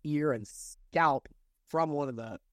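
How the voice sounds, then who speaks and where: A man's voice: fairly high pitch, takes it slowly, no room sound. Dry, close man retelling a story. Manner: retells the plot, reads quoted passages aloud with lively emphasis. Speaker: podcast co-host recapping a novel. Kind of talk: casual book-recap chat.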